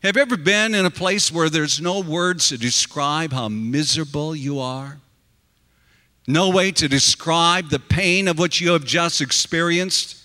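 A man's voice: on the high side, a little slow, sharp tone, in a large hall. A man preaching a sermon in an earnest, emphatic way, addressing the congregation directly.

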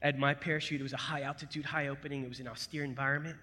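An American military veteran tells his story to a live audience at a very fast pace in a medium-pitched voice. He's animated, dropping into hushed asides before punching out loud bursts, and the echoey hall adds long reverb.

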